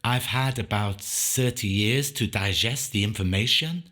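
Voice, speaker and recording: A man voicing a calm, direct French woman in her thirties, speaking with a French accent. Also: fairly low pitch, a little slow.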